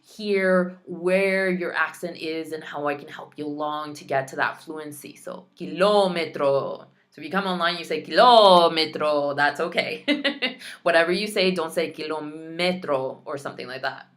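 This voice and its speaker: A woman with a low, deep-set voice teaches vocabulary in an online lesson. She sounds out each word slowly and patiently explains how to say it. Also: fairly bright tone. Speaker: Spanish teacher.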